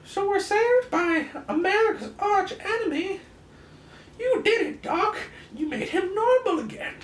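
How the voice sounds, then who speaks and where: A man voicing an excited young male comic-book sidekick in a high falsetto, in an echoey room. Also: measured pace, far from the mic, slight background noise.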